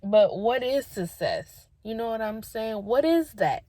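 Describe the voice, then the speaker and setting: A woman's voice: on the high side, animated, a little slow, warm tone, no room sound. A young woman talking to her viewers on camera, sharing heartfelt personal advice in an earnest, emotional way. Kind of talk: spontaneous heartfelt talk to camera.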